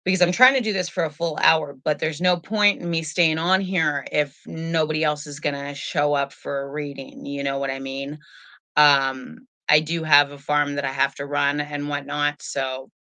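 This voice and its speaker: A woman's voice: low-pitched, steady tone, moderate pace, bright, forceful tone, no echo. A woman hosting a live tarot stream at home, chatting in a rambling, easygoing way into a webcam. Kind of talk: casual live stream chat.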